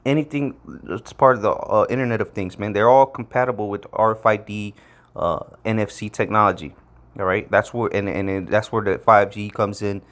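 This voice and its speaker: A man's voice: lowish voice, fairly even intonation, a little fast, fairly bright tone. A man giving a casual, blunt scripture lesson, rambling and repeating words as he leans hard on the words he wants to stress. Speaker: preacher.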